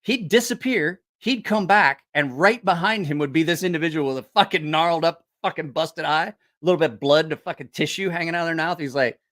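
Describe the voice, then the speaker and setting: A man casually telling profane, animated stories, acting out other people's voices. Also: a little high, fairly quick, hardly any pauses. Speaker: host. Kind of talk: casual storytelling.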